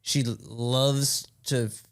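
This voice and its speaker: A man's voice: mid-range voice, steady tone, slow pace. A man in his thirties from the United States, hosting a podcast in loose, rambling casual chat. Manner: loose, rambling, laid-back. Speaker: podcast host.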